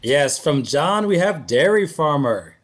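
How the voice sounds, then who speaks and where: A man's voice: fairly high pitch, sing-song, unhurried. A man keeping score at an improv show, reading audience suggestions with hesitant fillers. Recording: noisy with clicks.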